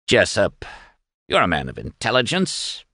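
Mean sneering camp guard about thirty, man doing the voice, pitched way up, jumpy and loud. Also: wildly swooping pitch, a little slow, slightly rough, no room sound, studio quality, heavily acted. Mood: menacing. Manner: jeering, bullying, shouting. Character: jeering young male guard officer, a bully around thirty.

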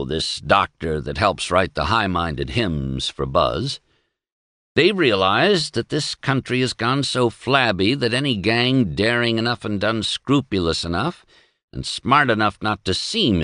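A man's voice: on the low side, fairly bright tone, no room sound, studio quality. A man playing a wry sardonic newspaperman.

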